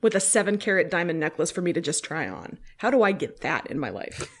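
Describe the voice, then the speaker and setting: A woman co-hosting a podcast, chatting animatedly about TV episodes with quick restarts. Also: lowish voice, sing-song. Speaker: podcast co-host. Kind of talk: casual TV review chat.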